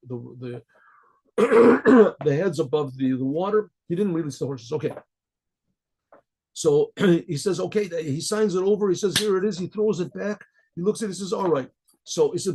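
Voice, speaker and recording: A man, a rabbi, telling a story in a casual spoken way, often clearing his throat and repeating words as he searches for them. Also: fairly high pitch, animated, moderate pace, mellow, low-quality recording.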